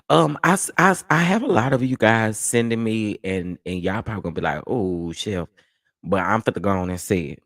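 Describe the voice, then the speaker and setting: Low-voiced man chatting dismissively. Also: lively intonation, fairly quick, a bit bright, no echo, clean studio sound. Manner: chatty, dismissive, laughs often. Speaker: host of a commentary channel. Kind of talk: casual livestream commentary.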